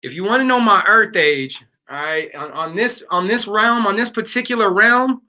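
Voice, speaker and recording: Man, late 30s, livestream host; high, sharp voice, relaxed slangy storytelling. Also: moderate pace. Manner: loose, storytelling, lots of fillers and slang. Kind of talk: casual livestream chat with viewers.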